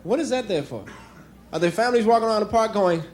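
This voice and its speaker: A man's voice: sits high, lively intonation, fast talker, darkish tone. A young man from New York doing a stand-up comedy set on a club stage, telling jokes conversationally and breaking into acted voices. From New York City. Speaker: stand-up comic. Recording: crowd laughter and noise.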